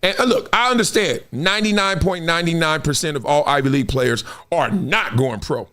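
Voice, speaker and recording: A middle-aged man from Compton, hosting a livestream and telling stories in slangy, animated talk. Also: fairly high pitch, normal speed. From Compton, Los Angeles. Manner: storytelling, slangy, acts out others' voices. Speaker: host.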